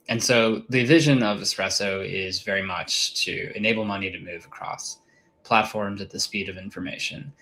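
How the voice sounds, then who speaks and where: A man, a company chief executive, explaining his company's vision on a call in a measured, thoughtful way with some fillers. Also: lowish voice, bright, forceful tone, rough recording. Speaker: CEO guest.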